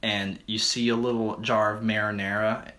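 A man's voice: fairly low pitch, flat delivery, moderate pace, bright, forceful tone. A man co-hosting a comedy podcast, rambling through a made-up movie plot with slightly slurred speech, laughing and slipping into silly voices. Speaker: podcast co-host.

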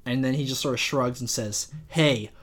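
A man hosting a comedy podcast, rambling through an absurd story in a deadpan way with lots of fillers. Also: medium pitch, brisk, noisy background. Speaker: podcast host. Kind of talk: casual comedy podcast chat.

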